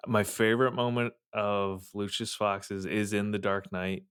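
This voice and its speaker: A man co-hosting a casual podcast chat, relaxed, asking questions and laughing along. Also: lowish voice, measured pace, smooth, dry recording, clean studio sound. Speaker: podcast co-host.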